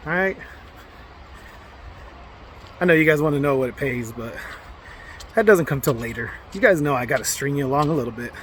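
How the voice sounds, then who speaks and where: A man with a somewhat high voice talks casually to his viewers, cracking jokes and wandering off on tangents with plenty of ums and uhs. He records on a handheld camera as he moves through a small mountain town, with faint outdoor noise behind him. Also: very animated, a little fast, pauses often, a bit bright. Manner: joking, rambling with many fillers. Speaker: trucking vlogger. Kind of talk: casual vlog chat to camera.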